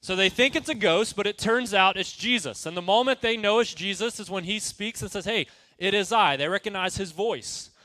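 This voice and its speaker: A man giving a casual, energetic youth group sermon, often checking in with his listeners. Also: high voice, normal speed. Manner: energetic, conversational, asks the room questions. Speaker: youth pastor.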